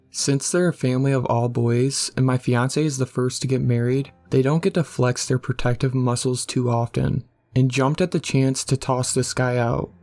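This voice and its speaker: Flat-voiced man narrating a horror story. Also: medium pitch. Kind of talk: scripted narration.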